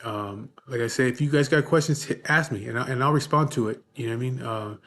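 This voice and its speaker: A man's voice: medium pitch, fast, fairly bright tone. A man in his forties in a casual vlog, answering viewers' questions bluntly and frankly, swearing often and often asking "you know what I mean". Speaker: vlogger.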